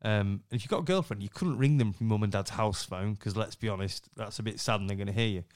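Chatty podcast host. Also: male voice, fairly low pitch, fast talker. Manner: chatty, laughs easily, upbeat sign-off. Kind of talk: casual podcast chat.

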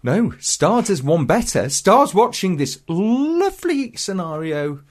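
Animated man telling stories. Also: high-pitched, slow pace. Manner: animated, acts out voices in his stories. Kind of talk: casual chat, comic storytelling.

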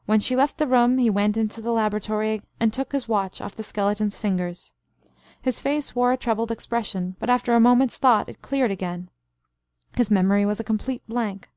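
A woman narrates a short story in an even, measured manner, mid-pitched for her sex. The sound is dry and close with no room at all. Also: no room sound. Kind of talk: scripted audiobook narration.

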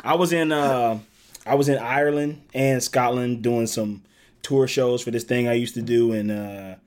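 A man's voice: medium pitch, fairly even intonation, moderate pace, a little mellow. A man with an American accent, guest comedian chatting loosely on a podcast and laughing as he jokes. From United States. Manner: laughing, loose and joking, Southern-tinged "y'all" talk. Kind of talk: casual podcast chat.

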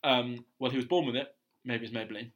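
A man's voice: mid-range voice, fairly even intonation, quick pace, a bit bright. A man retelling a myth on a casual podcast, rambling with crude jokes and asides. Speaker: podcast host, storyteller.

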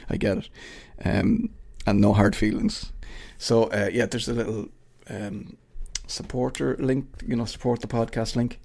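Speaking a little slowly and steadily with few pauses, a middle-aged Irish man uses a medium-pitched voice that is a little mellow and carries vocal fry. He hosts his own podcast and ends it with a rambling, sweary, jokey sign-off that includes asides to a pretend co-worker.

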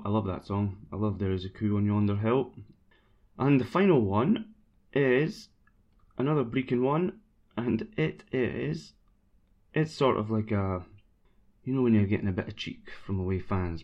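Male host, lowish voice, loose self-mocking football chat, muffled lo-fi audio. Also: measured pace. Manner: rambling, self-mocking, bursts into sung chants. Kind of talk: casual chat about football. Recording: dull lo-fi recording.

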